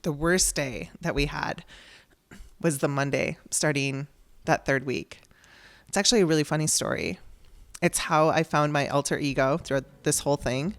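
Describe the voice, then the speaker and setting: A woman's voice: low voice, normal speed, soft background music. A woman hosting her own podcast, telling a personal story in a candid, conversational way and acting out the dialogue she quotes. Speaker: podcast host.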